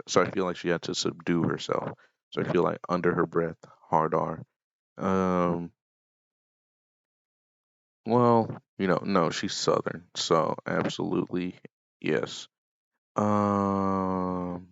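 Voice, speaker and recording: A young YouTuber with a very low, gravelly voice speaks slowly and offhandedly in a casual vlog, slipping into deadpan asides. His mic sounds dull and lo-fi, dry and close with no room sound.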